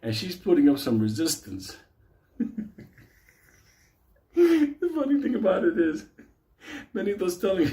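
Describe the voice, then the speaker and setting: A man's voice: high-pitched, very animated, unhurried, long pauses, a little mellow. Profane, laughing New man telling stories. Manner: profane, laughing through the story. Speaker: host. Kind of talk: casual storytelling.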